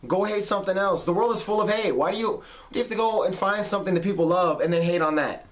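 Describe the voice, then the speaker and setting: A man's voice: high-pitched, quick pace. Heated, profane man ranting. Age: late 20s. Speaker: vlog host. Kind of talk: ranting monologue.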